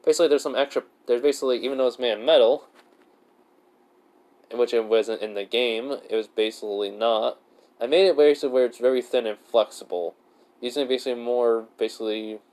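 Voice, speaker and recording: A man's voice: medium pitch, steady tone, brisk, darkish tone. A man casually telling a self-insert fan story, rambling and saying "basically" over and over. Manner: rambling, says "basically" constantly.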